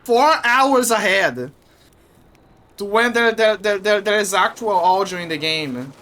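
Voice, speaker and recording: Bright-voiced streamer, stammering and repeating words. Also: mid-range voice, lively intonation, unhurried. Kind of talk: casual live-stream chat while gaming.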